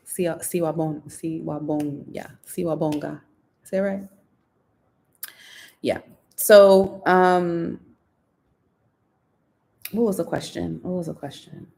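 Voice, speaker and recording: Chatty woman with a gravelly low voice. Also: mellow. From United States. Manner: chatty, reads viewer comments aloud and answers them. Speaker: host of a live Q&A stream. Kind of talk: casual live-stream Q&A.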